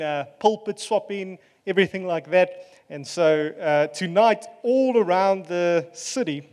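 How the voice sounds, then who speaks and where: A man preaching a sermon as pastor, earnest and relaxed, with fillers and asides. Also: on the high side, in a large hall.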